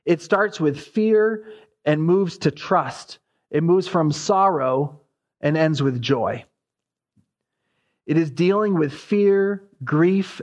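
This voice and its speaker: A man preaching an expository sermon, his voice rising sharply as he voices the prophet's cries. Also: on the high side.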